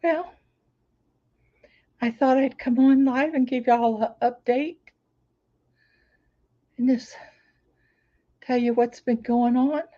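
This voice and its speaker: Chatty hoarse woman, high and slow, mellow tone, live on a laptop. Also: steady tone, lo-fi sound. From Florida. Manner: chatty, greets viewers by name. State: hoarse, recovering voice. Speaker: crafting channel host. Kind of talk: casual livestream chat. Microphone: laptop microphone.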